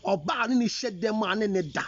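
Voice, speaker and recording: A man's voice: sits high, animated, fast, lo-fi sound. A Ghanaian man giving an emphatic counseling talk, scolding his listeners with rhetorical questions. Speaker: relationship counselor. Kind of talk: counseling talk mixing English and Twi.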